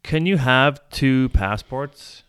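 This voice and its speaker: A man's voice: mid-range voice, slow, fairly bright tone, smooth, dry recording. A man hosting a casual podcast chat, joking loosely, swearing and laughing often into a close mic. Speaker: podcast host.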